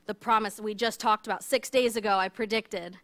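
A woman telling a Bible story in a casual, animated way, full of fillers and asides, as a teacher. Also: medium pitch, fairly quick. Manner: chatty, animated, many fillers.

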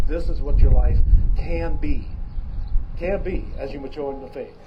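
A man giving a sermon as pastor, talking casually with fillers and restarts, then swelling to loud, emphatic preaching. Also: medium pitch, moderate pace. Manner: emphatic preaching with big swings in loudness. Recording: dull lo-fi sound with clear background noise.

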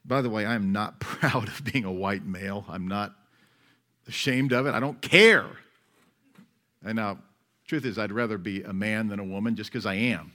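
A man preaching a sermon as pastor, talking in a conversational, wry way that swings between loud and soft. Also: lowish voice, moderate pace.

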